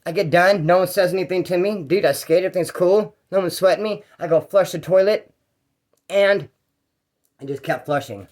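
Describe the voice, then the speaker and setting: Guy with a slightly higher voice rambling through a jail story, lots of slang and side notes. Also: normal speed, darkish tone. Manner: rambling and slangy, with fillers and restarts. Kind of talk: casual first-person jail story.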